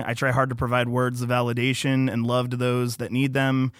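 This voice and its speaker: A man's voice: medium pitch, no room sound, studio quality. A man who engineers a podcast, speaking earnestly and reading his own heartfelt writing aloud in casual conversation. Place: podcast studio.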